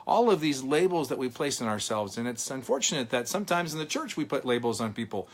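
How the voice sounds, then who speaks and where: A middle-aged man speaks as a motivational speaker at a church gathering. He tells a personal story earnestly, with dramatic pauses for effect, at an ordinary pitch for a man. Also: lively intonation. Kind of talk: inspirational church talk.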